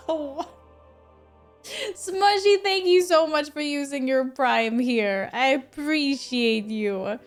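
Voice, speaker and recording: A woman game streamer chatting casually with her viewers, giggling and exclaiming as she thanks them in quick bursts. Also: sits high, faint music behind. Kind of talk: casual live-stream chat.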